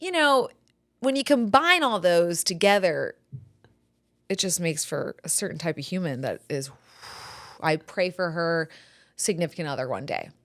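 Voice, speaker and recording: A woman in her thirties hosting a podcast, telling animated family stories with frequent laughter. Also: on the low side, normal speed. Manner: animated storyteller, laughs often. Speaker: podcast host. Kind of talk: casual chat.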